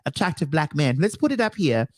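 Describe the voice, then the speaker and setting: Lively playful woman talk show host. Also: low-pitched, brisk. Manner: playful, hamming up a mock British persona; laughs often, theatrical. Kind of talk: comedic talk show chat.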